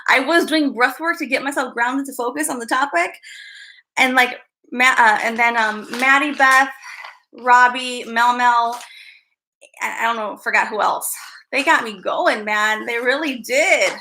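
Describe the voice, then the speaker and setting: Bright, gravelly-voiced woman live streamer. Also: a little high, a little slow, slight background noise. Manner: giggly, easily distracted, greets chat by name. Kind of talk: casual live-stream chat.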